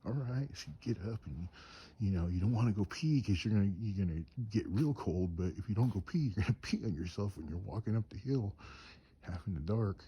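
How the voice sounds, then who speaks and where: Deep husky man, shivering in the cold. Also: expressive, fairly quick, warm tone. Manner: rambling, chuckling often. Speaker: storyteller and craftsman. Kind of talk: casual storytelling. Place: outdoors at night on a mountain trip.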